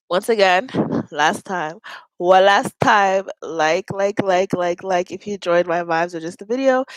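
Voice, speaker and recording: A woman's voice: fairly low pitch, no echo, rough recording. A woman hosting a casual mukbang livestream from home, chatty and giggling at her own jokes, with a stuffy nose.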